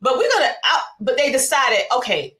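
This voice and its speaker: A woman's voice: mid-range voice, moderate pace, fairly bright tone. A woman podcast host asking long, rambling questions in a chatty, casual way. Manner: rambling, chatty, lots of fillers.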